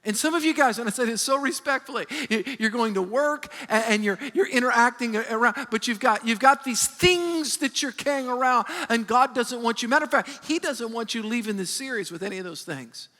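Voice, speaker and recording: A man preaching a sermon as pastor, animated and emphatic, often restarting his sentences. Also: extremely high pitch, a little fast, hardly any pauses. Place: large church hall. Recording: long hall reverb.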